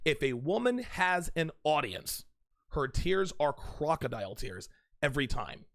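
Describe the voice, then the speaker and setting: A man's voice: mid-range voice, sing-song, moderate pace, fairly bright tone. A man hosting his own show, delivering an emphatic advice monologue straight to his listeners and repeating his key points. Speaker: podcast host. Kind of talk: direct-to-camera advice monologue.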